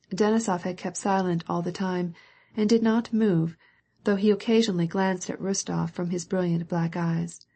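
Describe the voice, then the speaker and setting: A woman narrating a classic novel as an audiobook in a measured, even way. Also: on the low side, gravelly.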